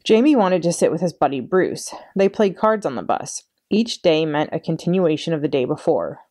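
Low-voiced woman reading a story aloud. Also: moderate pace. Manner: expressive, storytelling. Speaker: children's librarian. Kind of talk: read-aloud storytime narration.

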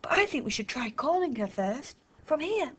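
A woman reading out a worried, sensible schoolgirl who speaks in a hushed, pressing way. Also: high-pitched, very animated, normal speed, pitched above the performer's own voice.

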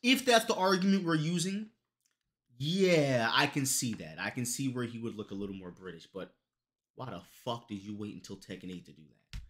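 A young man chatting on a live stream, his voice bright and forceful at a middle pitch. He talks loosely and jokes, with plenty of swearing. Now and then he bursts into loud, high-pitched outbursts. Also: animated, normal speed. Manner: profane, loose and joking. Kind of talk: casual live-stream chat.

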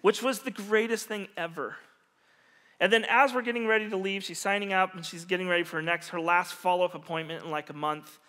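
A middle-aged man preaching a sermon, telling a story earnestly with quiet pauses and soft, lowered endings. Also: fairly even intonation. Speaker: pastor. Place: church hall. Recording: long reverb of a large hall.

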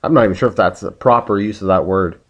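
A man's voice: on the low side, quick pace, dull audio. A man hosting a casual video game playthrough, joking around and reading the game text aloud. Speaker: let's play host.

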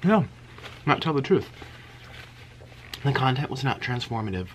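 A man's voice: mid-range voice, normal speed, a little hiss or hum, rough recording. A man talking casually to camera in an eating vlog, chatty and getting worked up as he talks. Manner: animated, chatty, heated about an online dispute. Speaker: mukbang vlogger.

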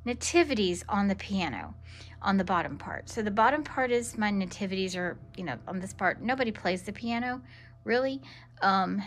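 A woman walks through her house with a handheld camera, giving a casual vlog tour. She talks slowly and gently, filling pauses with ums. Her pitch sits in an ordinary middle range. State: emotional. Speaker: vlogger. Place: her decorated home. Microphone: handheld camera walked around.

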